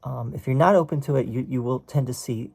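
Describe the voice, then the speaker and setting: A man's voice: medium pitch, brisk, vocal fry, darkish tone. A man teaching a spiritual text in a casual, conversational way, explaining passages and often checking in with "right?". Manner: explains quoted text line by line.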